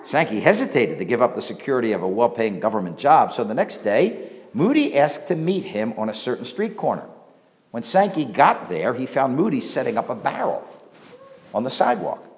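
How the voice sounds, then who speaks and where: A man preaching a sermon, his voice swelling on key points and then dropping low. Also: sing-song, a little fast, long reverb tail. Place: church hall.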